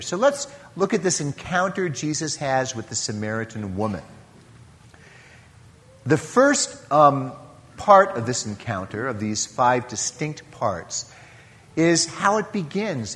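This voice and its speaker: A man's voice: fairly high pitch, fairly bright tone, in a large hall. A man preaching a sermon as a priest, earnest and teaching, acting out the dialogue of a scripture story.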